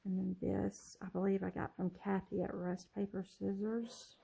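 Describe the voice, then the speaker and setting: A middle-aged woman casually showing her handmade journals in a vlog, soft-spoken and rambling, with lots of ums and self-corrections. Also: mid-range voice, level tone, moderate pace, creaky, slightly rough, low-quality recording. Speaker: junk journal crafter showing her work. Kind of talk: casual show-and-tell vlog.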